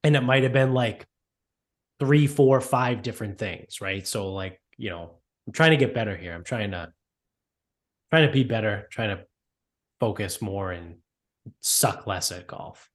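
A man's voice: on the low side, expressive, a little slow. A man co-hosting a golf podcast, talking in a rambling, casual way with lots of fillers and swearing. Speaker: podcast co-host. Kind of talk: casual chat.

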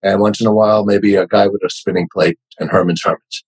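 A man's voice: on the low side, steady tone, fast talker, slightly rough, rough recording. A man in his sixties with a New York accent, a podcast guest telling wry, self-deprecating stories. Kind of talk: casual interview chat.

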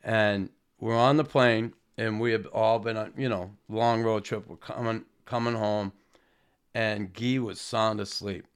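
A man with a low, gravelly voice tells old stories in a rambling, halting way. He restarts his sentences often and swears without a second thought. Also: fairly even intonation. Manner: swears casually, self-deprecating. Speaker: former hockey player telling stories. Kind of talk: casual storytelling.

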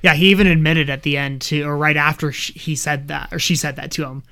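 A man's voice: on the high side, fairly even intonation, quick pace, gravelly, sharp tone, clean tone. A man co-hosting a podcast, giving earnest opinions on a show in casual chat. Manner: opinionated, earnest, with frequent fillers. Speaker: podcast co-host.

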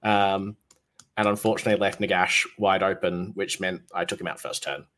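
Easygoing low-voiced man. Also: flat delivery, normal speed, a bit bright. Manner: easygoing, recapping games with many fillers. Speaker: podcast co-host. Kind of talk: casual gaming chat.

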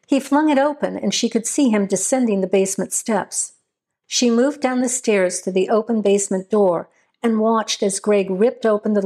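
A woman reading a horror story aloud as a scripted narration, at a steady, measured pace. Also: medium pitch.

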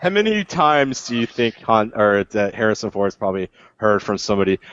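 A playful male podcast host who reads out news in a lively, swinging voice. The sound is dry and somewhat dull. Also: lowish voice, fairly quick, dry recording. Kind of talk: casual chat. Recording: slightly dull lo-fi audio.

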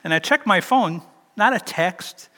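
A man's voice: high-pitched, expressive, measured pace, sharp tone, in a large hall. An older man preaching a sermon, telling a personal story in a chatty, self-deprecating way. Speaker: pastor.

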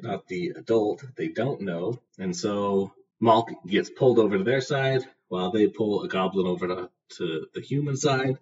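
A man with a lowish voice chats through a book review as a podcast host, rambling and loose, with plenty of fillers. He sits a bit back from the mic, and the sound is dull and lo-fi with a faint hiss underneath. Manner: casual, rambling, filler-heavy. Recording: distant, dull lo-fi with faint noise.

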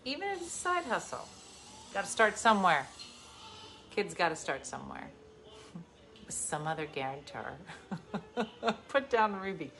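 A woman in her forties hosting a livestream, telling stories in a casual chat and swinging from loud bursts to hushed asides. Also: on the low side, big pitch swings, measured pace, vocal fry, long pauses, soft background music. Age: 40s. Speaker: livestream host.

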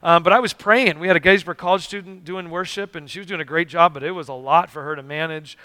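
A male pastor delivers a sermon with a bright, forceful tone and a fairly high pitch. He tells stories earnestly, acting out the lines of dialogue. The sound is close and dry. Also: quick pace, clean tone, dry recording. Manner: storytelling with acted-out dialogue, earnest and emphatic. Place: church sanctuary.

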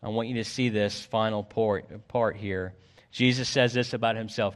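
A man preaching a sermon as pastor, swinging between loud pleading and hushed low tones. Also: fairly even intonation, normal speed.

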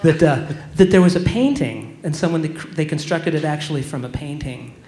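Man, host, somewhat high pitch, relaxed joking questions, roomy echo. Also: fairly quick. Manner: easygoing, joking, asks questions. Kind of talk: casual interview chat. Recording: echoey room.

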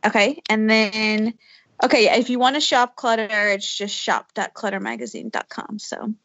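Higher-voiced woman co-host, dry lo-fi sound. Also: fairly even intonation, normal speed, gravelly, fairly bright tone, dry recording. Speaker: podcast co-host. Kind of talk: casual chat. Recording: dull, lo-fi sound.

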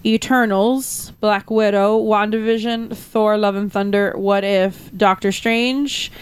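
A woman chatting casually with friends, animated and acting out her own reactions. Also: mid-range voice, slow, clean tone, dry recording. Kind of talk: casual chat.

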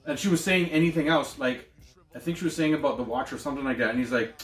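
A man hosting a casual movie review podcast, rambling and excitable. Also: medium pitch, fast, roomy sound, faint music behind. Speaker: podcast host.

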